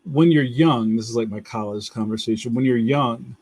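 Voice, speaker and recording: A man's voice: medium pitch, moderate pace, a little mellow. A young man with a Philadelphia accent hosting a casual livestream, rambling loosely, laughing often and reading out viewer comments. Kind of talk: casual chat.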